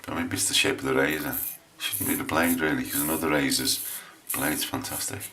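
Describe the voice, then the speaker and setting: An English man with a low voice chatting casually while he shaves on camera, rambling and hesitant with lots of restarts. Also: steady tone, fairly quick, creaky, pushed and bright, a little hiss or hum. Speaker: shaving vlogger.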